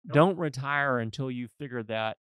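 A man's voice: mid-range voice, normal speed, a bit bright, clean tone, dry recording. A man hosting a podcast as a financial advisor, talking in a folksy, earnest and emphatic way. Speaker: financial advisor and show host. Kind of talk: conversational podcast discussion.

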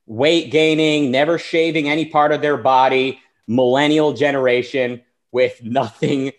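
A man's voice: fairly high pitch, a bit bright. A man hosting a talk show, delivering an argumentative political monologue and acting out the people he quotes. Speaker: show host.

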